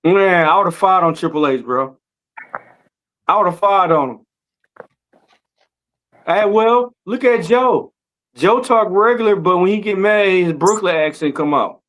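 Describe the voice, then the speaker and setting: A man trades loud, teasing jokes with his co-hosts. His voice sits high and carries. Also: measured pace, long pauses. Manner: loud, joking, teasing trash talk. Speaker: podcast co-host. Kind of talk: casual chat.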